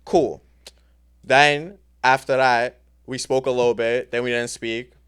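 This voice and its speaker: A laid-back man talking as a podcast guest in casual chat. His voice is smooth and clean at a middle pitch. He tells his story in loose, slangy phrasing. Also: fairly even intonation, a little slow, fairly bright tone.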